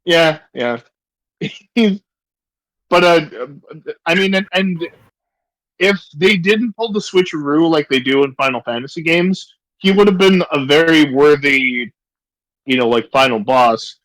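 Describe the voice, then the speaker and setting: A man with a raised pitch talks loosely among friends, rambling through his points, backtracking and swearing as he goes. The sound is dry and close, with no room around him. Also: measured pace, fairly bright tone, no echo, low-quality recording. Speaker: co-host. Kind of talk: casual chat.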